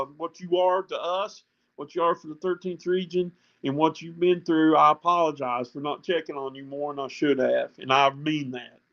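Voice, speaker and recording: A man's voice: on the high side, highs cut off. A man, a guest on a sports talk show who speaks heartfelt and tells stories with animation. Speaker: guest coach. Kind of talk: casual talk show chat.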